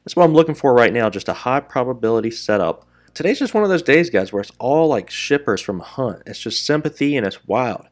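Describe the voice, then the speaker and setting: A man's voice: mid-range voice, big pitch swings. Chatty male day trader talking to viewers. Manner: quick, chatty, keeps addressing viewers as traders and guys; openly scolds himself when a trade goes wrong. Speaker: day trader and channel host. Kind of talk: live trading commentary to viewers.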